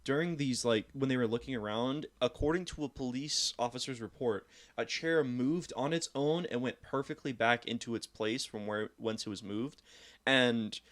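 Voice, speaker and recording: A young man on a casual podcast, rambling through a story at an ordinary middle pitch. He gets animated and swears freely as he goes. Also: moderate pace. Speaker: podcast co-host. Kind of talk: casual chat.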